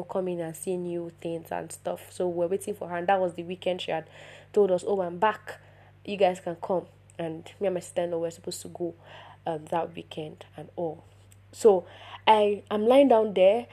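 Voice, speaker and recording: Animated woman telling a personal story. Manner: animated, with sudden bursts of louder, higher emphasis; addresses viewers directly. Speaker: vlogger telling her birth story.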